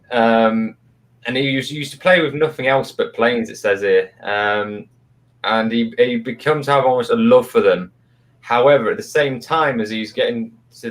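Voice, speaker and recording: A man's voice: mid-range voice, fairly bright tone. A man co-hosting a live paranormal chat show, telling a story in a rambling way with lots of fillers, on a video call. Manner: rambling, many fillers and restarts.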